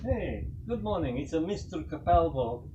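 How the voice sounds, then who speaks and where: A man's voice: a little high, lively intonation, moderate pace, dark tone, muffled recording, slight background noise. A man casually demonstrating a breakfast recipe in his home kitchen, chatty and jokey with rambling asides. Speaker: home cook presenting a recipe. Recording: voice from a distance with music behind.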